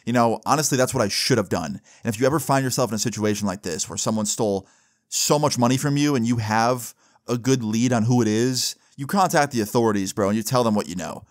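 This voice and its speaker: A man's voice: medium pitch, fast talker, no room sound, clean studio sound. Slangy young man telling a story. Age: young adult. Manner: casual, slangy, lots of "bro" and "like". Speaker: vlogger. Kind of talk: casual storytime monologue.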